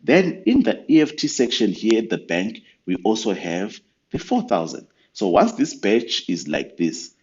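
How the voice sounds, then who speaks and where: A very low-voiced man gives a patient, step-by-step software walkthrough for church accounts. His talk is sprinkled with ums and uhs. The audio is muffled and lo-fi, like a basic screen recording. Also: wildly swooping pitch, unhurried. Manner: patient, step-by-step explaining with fillers. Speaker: church finance software trainer.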